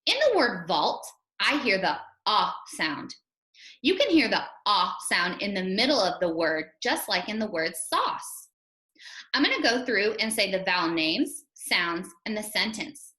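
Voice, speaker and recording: A female first grade teacher speaking slowly and clearly to young children, patiently sounding out each phonics sound. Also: medium pitch, big pitch swings, sharp tone. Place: home or classroom, recorded for a school TV video. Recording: echoey room.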